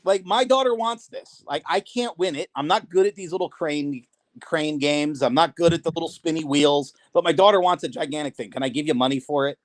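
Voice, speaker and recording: A man telling animated stories in a casual podcast conversation. He laughs often and acts out the voices of the people he quotes. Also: on the high side, brisk, no room sound. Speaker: guest, prank video maker and wrestling promoter.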